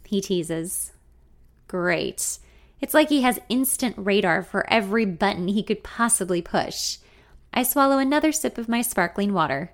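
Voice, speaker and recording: A woman's voice: mid-range voice, expressive, unhurried. A woman reading a first-person audiobook story in an intimate, wry, confiding voice. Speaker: narrator.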